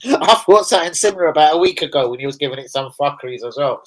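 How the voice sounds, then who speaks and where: A man's voice: fairly high pitch, lively intonation, very fast, low-quality recording. Young man, streamer host, loose, sweary, chatty, laughs a lot. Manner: swearing, chatty, laughs often, answers chat. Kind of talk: casual live stream chat.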